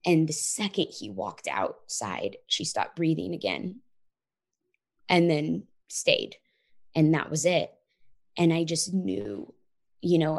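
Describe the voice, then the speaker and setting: A woman's voice: low-pitched, darkish tone. A woman in her thirties, an interview guest telling a personal story in an earnest, reflective way, often saying "like" and "you know".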